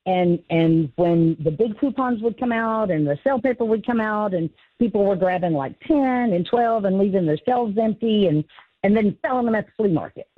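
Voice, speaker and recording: A woman's voice: mid-range voice, animated, normal speed, dry recording. A woman with a Southern US accent calling into a radio show, chatting and telling a story. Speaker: caller. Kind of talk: call-in chat. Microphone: telephone. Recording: tinny phone line.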